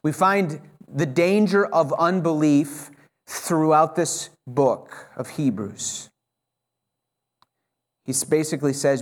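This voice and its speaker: A man's voice: a little high, slow pace. A male pastor preaching a sermon to his church, earnest and urging, often restarting his phrases as he presses a point. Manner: frequent self-corrections and restarts.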